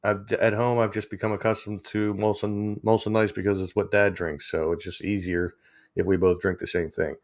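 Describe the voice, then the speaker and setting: A man's voice: on the low side, little pitch movement, moderate pace. A man, chatting casually with viewers on a livestream, rambling and chuckling as he reads the chat. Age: 40s. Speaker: livestream host.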